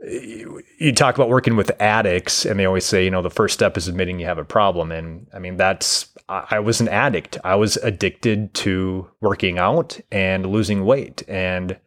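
A young man speaking as an interview guest, telling his own story in a candid, reflective way. He often restarts his sentences. His voice sits fairly low. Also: normal speed. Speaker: guest, therapist. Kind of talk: personal story in a podcast interview.

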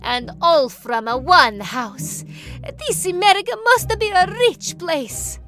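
A woman's voice: high-pitched, big pitch swings, slow pace, a bit bright, soft background music, pitched above the performer's own voice, exaggerated voice. A woman voicing a cheerful, eager male bandit who talks in a grand, formal way in a storybook reading. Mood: grandiose.

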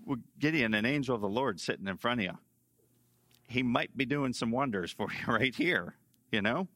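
A male pastor preaching a sermon emphatically, repeating key phrases and swinging between loud stresses and hushed lines. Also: mid-range voice, animated, normal speed, no room sound.

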